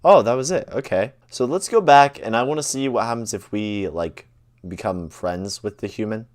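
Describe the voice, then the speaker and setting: A man's voice: fairly low pitch, moderate pace. A man giving casual gameplay commentary as a video host, chatty and amused, reacting to the story.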